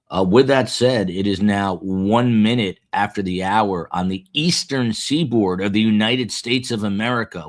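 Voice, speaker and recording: A man with a low, deep voice hosts a live-stream show in a relaxed, conversational way. He reads viewer comments aloud with animated energy. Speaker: livestream show host.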